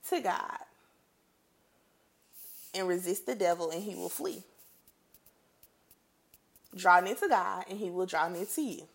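A woman giving a casual Bible teaching. She reads scripture aloud and comments on it in a lively, conversational way. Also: lowish voice. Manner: animated and conversational, reads scripture then reacts playfully.

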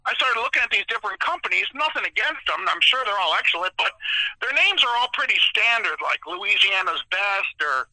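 A man chatting on a podcast, telling animated stories about his seafood side business. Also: high voice, fairly quick, no echo, poor audio. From moved to New Orleans area in 2000. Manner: animated storyteller, chatty and enthusiastic. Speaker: guest, seafood business owner. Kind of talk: casual podcast storytelling.

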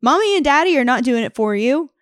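A woman with a Southern US accent chats on a podcast, mixing blunt jokes with explanations from her notes. Her voice sits a touch high. The recording is dry and close. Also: expressive, quick pace, no echo. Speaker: podcast co-host. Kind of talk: casual chat.

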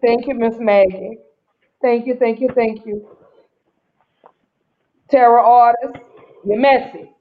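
Woman, podcast host, high-pitched, effusive and emotional, muffled low-fi recording. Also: steady tone, slow pace, pauses often. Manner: emotional, effusive, repeats herself. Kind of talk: casual live chat. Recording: muffled low-fidelity audio.

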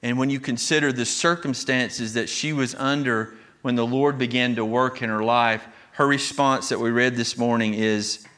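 Guy preaching, earnest and emphatic, bright clear voice. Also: medium pitch, fairly even intonation, moderate pace. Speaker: pastor. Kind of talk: sermon.

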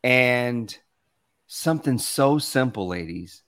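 A man from the American South gives a motivational talk from his office over a video call, middle-pitched and easygoing. He speaks animatedly and conversationally, acting out the voices he quotes. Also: lively intonation, slow, fairly bright tone, smooth. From Southern United States. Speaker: guest speaker.

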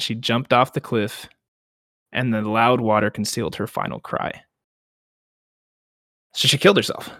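Young male podcast co-host, casual, animated storyteller, dry mic. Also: mid-range voice, dry recording. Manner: animated retelling, acts out quotes, laughs often. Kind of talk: casual book discussion.

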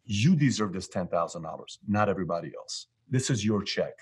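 A man's voice: sits low, lively intonation, a little fast, a little mellow, husky. A man from Iran, a guest in an interview, telling stories and acting out both sides of past conversations. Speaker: guest, business leader. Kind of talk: storytelling in an interview.

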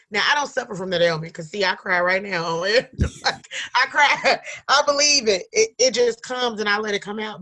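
A woman's voice: a little high, a bit bright. A young adult woman, a single mother who runs a support group, talking earnestly and emotionally in a casual conversation, close to tears at times.

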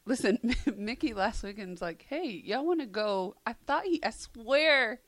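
A woman's voice: on the high side, lively intonation, unhurried, a bit bright. A woman in her thirties co-hosting a radio show, telling stories with lots of laughter and acted-out quotes. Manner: laughing storyteller, acts out quotes. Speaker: radio co-host. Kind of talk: casual chat.

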